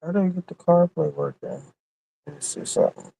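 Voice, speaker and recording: Gravelly man muttering in his car. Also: fairly high pitch, fairly quick, warm tone, poor audio. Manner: mutters to himself, grumbling at the car. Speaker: streamer. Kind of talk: casual chat while driving. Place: inside a car.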